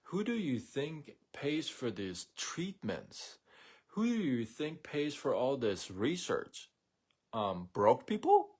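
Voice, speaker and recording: Male host, unhurried sarcastic rant, plain mid voice. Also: mid-range voice, wildly swooping pitch, a little mellow, slightly rough. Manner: opinionated, blunt and sarcastic. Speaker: host of a daily live show. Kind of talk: casual monologue rant.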